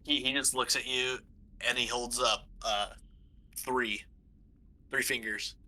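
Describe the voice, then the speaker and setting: A man narrating a tabletop game as game master. His voice is very bright and sharp-edged, and he talks in a loose, rambling way full of fillers and restarts. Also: mid-range voice, steady tone, slow pace.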